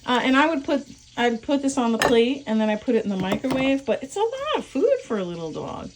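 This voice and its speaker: A woman's voice: sits high, very animated, a little fast, background noise. A young woman giving a pet sitter casual, rambling instructions in her home kitchen, full of fillers and restarts. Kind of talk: casual home video walkthrough.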